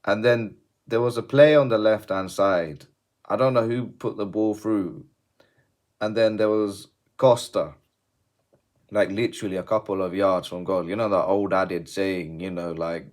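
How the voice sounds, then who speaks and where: A man's voice: fairly low pitch, steady tone, measured pace, a little mellow. A man ranting casually about football, swearing freely and swinging between laughter and grumbling. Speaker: football fan vlogger. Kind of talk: casual post-match rant.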